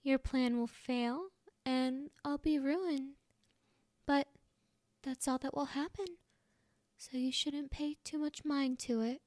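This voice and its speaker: A woman voicing Junko, a cocky high-voiced girl. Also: unhurried, no room sound, clean studio sound. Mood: flat deadpan. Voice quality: high-pitched, swings between bubbly and deadpan. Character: cocky, capricious teenage girl mastermind. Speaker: audiobook voice actor. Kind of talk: fan audiobook character reading.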